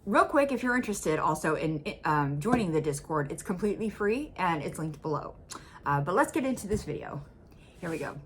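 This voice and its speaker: Chatty American woman, low voice. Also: big pitch swings, fairly quick, a bit bright, a little hiss or hum. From United States. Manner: chatty, hedging with many ums and likes. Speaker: reaction video host. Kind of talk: casual reaction chat.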